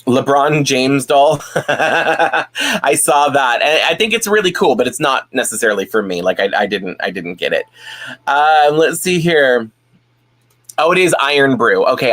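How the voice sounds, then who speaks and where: A man's voice: mid-range voice, a bit bright. A man hosting a casual live stream at home, chatting and reading viewer comments, rambling with many fillers and restarts.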